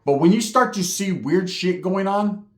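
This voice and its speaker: A man's voice: sits high, expressive, normal speed, reverberant. A man from California telling a prison story in casual street slang, full of profanity and "right?" asides. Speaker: storyteller recounting prison life.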